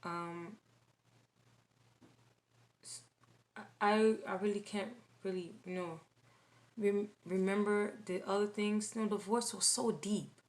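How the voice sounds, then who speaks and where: A woman tells of a dream slowly and haltingly. She keeps repeating phrases and restarting her sentences, at a middling pitch and an unhurried pace. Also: steady tone. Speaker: dream recounter. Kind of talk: casual spoken testimony.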